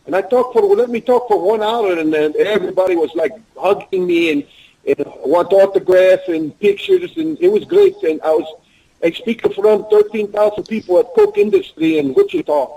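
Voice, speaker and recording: A man's voice: high voice, sing-song, moderate pace, vocal fry, dark tone, husky, poor audio. An older man with a Russian accent speaking broken English as an interview guest, often talking about himself in the third person. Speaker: guest, pro wrestler. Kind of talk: casual interview talk.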